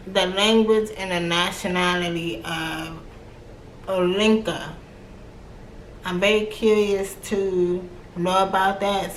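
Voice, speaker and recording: A young American woman whose accent mixes Atlanta, Virginia and New York, chatting casually and slangily in a book review vlog. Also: lowish voice. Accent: American, mix of Atlanta, Virginia and New York. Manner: chatty and slangy, voicing her own reactions. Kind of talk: casual chat. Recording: roomy echo with faint background noise.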